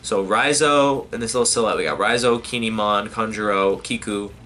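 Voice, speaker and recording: A man hosting a live manga reaction, reading pages aloud and thinking out loud with casual swearing and lots of fillers. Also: on the low side, normal speed. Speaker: manga reaction channel host.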